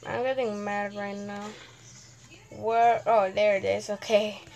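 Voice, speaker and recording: A woman giving casual gameplay commentary, excitable, humming suspense sounds and talking to the characters on screen. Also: medium pitch, slow, muffled recording. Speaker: gamer host.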